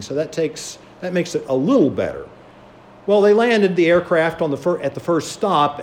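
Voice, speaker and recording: Storytelling preacher man, slightly high voice. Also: a little mellow, slight background noise. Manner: storytelling, acts out quoted voices. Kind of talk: sermon.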